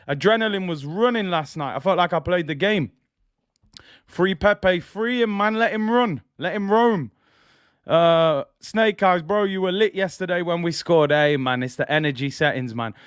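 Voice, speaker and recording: A young man hosting a lively football fan stream, hyped and playful, shouting out his chat while tired after a late night. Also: fairly high pitch, clear, resonant tone, no echo, clean studio sound. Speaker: football channel host.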